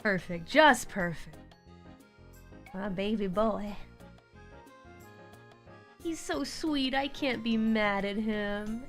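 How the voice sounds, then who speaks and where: A woman hosting a relaxed live stream from home, chatting casually, laughing often and cooing at her cat. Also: fairly high pitch, slow pace, hardly any pauses. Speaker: livestream host. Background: faint background music.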